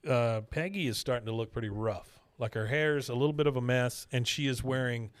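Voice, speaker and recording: A man hosting a podcast, recapping scenes in a relaxed, chatty way. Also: mid-range voice, a little fast, dry recording. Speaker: podcast host. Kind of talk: casual episode recap.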